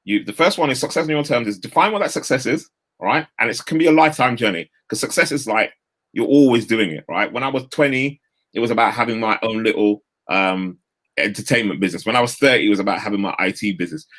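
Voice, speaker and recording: A man, giving an energetic, straight-talking motivational talk over a video call. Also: lowish voice, fast talker. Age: 50s. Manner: energetic, straight-talking, uses London street slang. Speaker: guest speaker.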